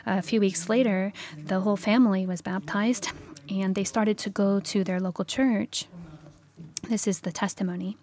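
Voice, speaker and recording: A woman delivers a church sermon in a casual, halting way, full of small hesitations and self-corrections. Her voice sits at an ordinary middle pitch for a woman. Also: fairly even intonation, a little mellow. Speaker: preacher.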